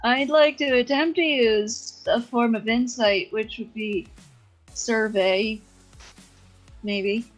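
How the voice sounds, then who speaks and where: Woman player at the game table, talks slow, kinda hesitant and giggly. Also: a little high, faint music behind, poor audio. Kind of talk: casual chat at a game table.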